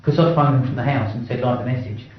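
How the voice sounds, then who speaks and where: A middle-aged man talks quickly and bluntly, swearing freely and tripping into restarts as he tells his story. His voice sits in an ordinary male range. The recording is heavily echoey and a little dull, with faint room sound underneath. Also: mid-range voice, a little hiss or hum. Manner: blunt, swears often, stumbles and restarts while reliving events. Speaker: interviewee. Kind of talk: first-person account in an interview.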